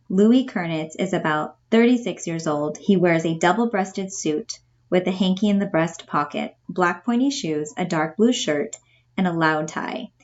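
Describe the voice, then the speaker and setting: A woman teacher reading a play's stage directions aloud for her class, plain and steady. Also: lowish voice, lo-fi sound.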